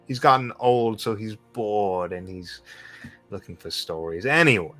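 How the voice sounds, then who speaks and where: A man's voice: on the low side, expressive, a little slow, bright, forceful tone, faint music behind. A man voicing a tough old woman who works as a cook and trades in gossip, passing on rumors in a confiding, gossipy way.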